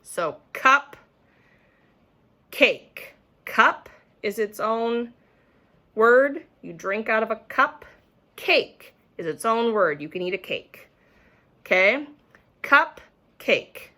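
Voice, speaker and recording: A woman's voice: a little high, animated, slow, pauses often, bright, forceful tone. A young woman teaching a remote phonics lesson to young children, patiently sounding out words, recorded on a camera mic at home.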